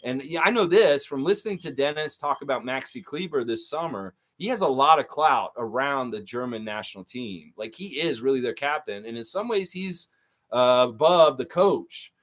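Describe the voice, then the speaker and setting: A man's voice: medium pitch, lively intonation, moderate pace, a bit bright. A man hosting a live stream, talking in a casual, rambling way and answering comments from the chat.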